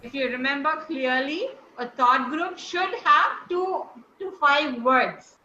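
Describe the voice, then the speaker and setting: A speaking coach leads an online class over video call, quizzing her listeners with encouragement. Her high voice is slow, bright, and forceful. The call audio is echoey and slightly dull, with a little background noise.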